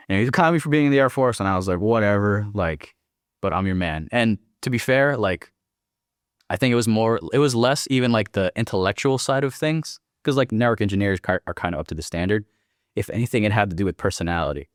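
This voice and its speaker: A man's voice: lowish voice, no room sound, clean studio sound. A young man telling a war story as a podcast guest, swearing freely and acting out quoted dialogue. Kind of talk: casual storytelling.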